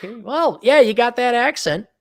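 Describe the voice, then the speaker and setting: A man's voice: extremely high pitch, lively intonation, moderate pace. An American man hosting a casual stream chat, sarcastic and teasing, swearing freely as he banters with his guest. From United States. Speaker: livestream host reading donations.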